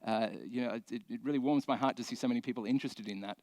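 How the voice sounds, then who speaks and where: A man's voice: medium pitch, fairly even intonation, very fast, darkish tone, dry recording. A man giving a conference talk from a stage, speaking conversationally with many fillers and restarts.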